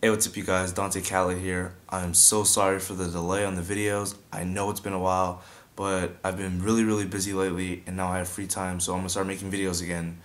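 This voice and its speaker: A man's voice: sits low, little pitch movement, fast talker. A young man chatting casually as he teaches beatbox sound effects, breaking off to demonstrate mouth sounds. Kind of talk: casual video tutorial.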